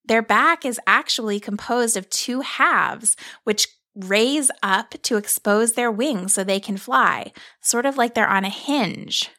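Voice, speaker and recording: A woman narrating a gentle story in a calm, explanatory way, stopping to explain things as she goes. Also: fairly high pitch, takes it slowly, few pauses.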